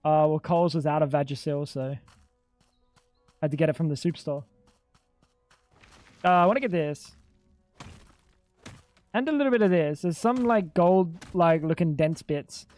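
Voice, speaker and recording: A man's voice: a little high, moderate pace, long pauses, a little mellow, faint music behind. A young man livestreaming a game, bantering with his chat in a joking, profane way. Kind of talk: casual gaming livestream chat.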